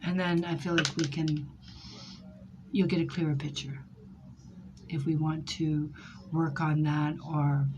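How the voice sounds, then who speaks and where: A woman with a fairly low voice gives a live tarot reading, talking through the cards in an emotional, rambling way. Steady background noise sits under her voice throughout. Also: measured pace, pauses often, muffled recording. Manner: emotional, rambling, addresses viewers by name. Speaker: tarot reader.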